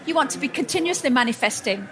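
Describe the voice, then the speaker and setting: A woman's voice: high-pitched, expressive, quick pace, a little hiss or hum. A woman giving a motivational talk at a live event, telling stories and often restarting her sentences. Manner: warm storytelling, frequent restarts and self-corrections. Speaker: speaker at a personal growth expo. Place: event hall with audience.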